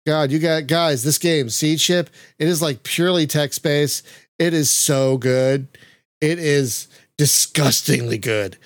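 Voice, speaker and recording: A man's voice: fairly high pitch, unhurried, no room sound, studio quality. A man hosting a casual podcast chat, gushing with frequent exclamations. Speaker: podcast host.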